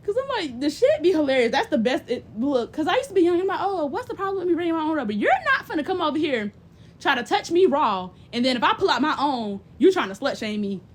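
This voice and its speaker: A young woman giving blunt, profane, big-sister advice in casual chat, animated and often mimicking other people's voices. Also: high-pitched, fairly quick. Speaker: livestream host.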